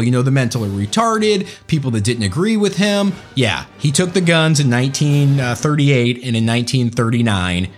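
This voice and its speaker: A man hosting a ranting political commentary in a sarcastic, emphatic, jokey way. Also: on the high side. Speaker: commentary host.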